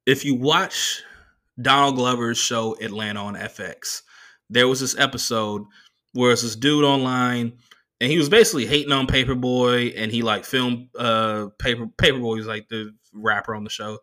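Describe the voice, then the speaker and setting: A man hosting a solo podcast, telling stories in a casual, profane and animated way and slipping into voices. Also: medium pitch, moderate pace. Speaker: podcast host.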